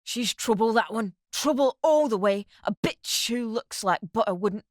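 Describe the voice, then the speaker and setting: A woman voicing a jealous, furious sergeant husband who shouts coarse insults while short of breath. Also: a little high, expressive, unhurried, no room sound, studio quality.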